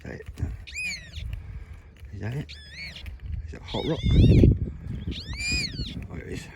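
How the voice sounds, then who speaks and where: A man's voice: fairly high pitch, wildly swooping pitch, takes it slowly, creaky. Chatty West Country man outdoors. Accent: English West Country. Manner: chatty, addresses viewers as mate and guys. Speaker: metal detecting vlogger. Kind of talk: casual outdoor commentary. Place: open field outdoors. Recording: noisy outdoor field recording.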